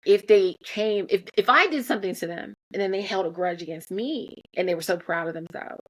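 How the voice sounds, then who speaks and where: A woman, a mother in her thirties, speaking candidly and earnestly about parenting, owning up to her own faults with frequent restarts. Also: mid-range voice. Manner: earnest, self-critical, animated with restarts. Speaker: mother sharing parenting reflections. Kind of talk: candid personal talk.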